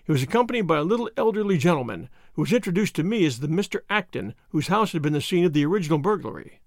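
A man narrating a classic detective story in a measured, expressive reading. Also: on the high side, no room sound, studio quality. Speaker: audiobook narrator.

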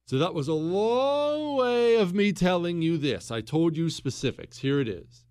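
A man's voice: on the high side, dry recording, clean studio sound. A man hosting a political talk show, lecturing emphatically and repeating himself for stress. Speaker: podcast host.

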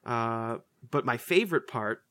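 A man's voice: medium pitch, expressive, unhurried, a bit bright. A man casually reviewing a movie on a podcast, loose and profane, full of fillers and restarts. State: says he is a little high. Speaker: podcast co-host.

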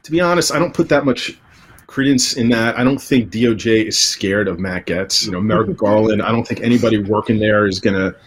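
A lawyer appears as a guest on a casual talk panel. he is a man with a lowish voice who speaks bluntly and with opinion, leaning on his years of courtroom work. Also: brisk, slightly rough.

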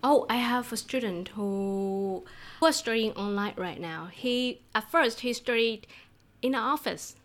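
A woman's voice: on the high side, unhurried. A woman from Vietnam who teaches Vietnamese, speaking English with a Vietnamese accent as a native Vietnamese speaker. She talks in a chatty way, laughs often and restarts phrases as a podcast guest. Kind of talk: conversational podcast interview.

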